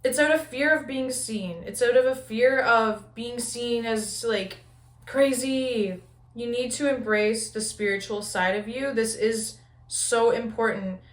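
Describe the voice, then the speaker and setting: A woman's voice: on the high side, a little slow. Chatty young woman reading tarot. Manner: chatty, frequent "like", swears casually. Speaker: tarot reader. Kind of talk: casual pick-a-card tarot reading. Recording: echoey room.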